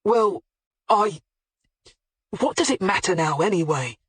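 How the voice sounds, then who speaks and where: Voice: medium pitch, animated, a little slow, husky, no room sound. An audiobook narrator voicing a defensive, coarse-spoken middle-aged male butcher being questioned by police, in blunt colloquial speech. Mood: nervous. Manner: blunt colloquial working-class talk.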